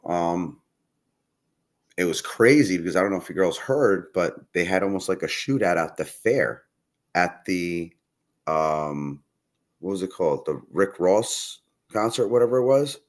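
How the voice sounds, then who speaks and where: A man chatting casually as a podcast guest, telling a rambling story and swearing often. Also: sits low. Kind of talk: casual chat.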